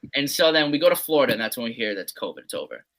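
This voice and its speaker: A young man, a podcast guest, telling his sports stories in a loose, casual way. He swears freely, leans on "like" and "man," and drops low to mutter his quoted asides. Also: sing-song, rapid-fire, creaky, a bit bright, low-quality recording. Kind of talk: casual storytelling.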